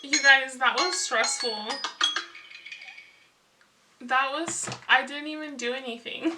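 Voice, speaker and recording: A young woman with a high, very bright voice chats to camera in a flustered, hurried way, laughing at herself. She sits a little away from the mic, and faint music plays underneath. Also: distant mic, a little hiss or hum. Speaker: beauty vlogger. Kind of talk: casual chat to camera.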